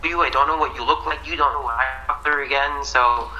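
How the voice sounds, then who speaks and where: A man's voice: mid-range voice, fairly even intonation, fairly quick, pushed and bright, muffled recording, slight background noise. A Canadian man, a comedian guest, riffing sarcastically in casual chat with lots of fillers.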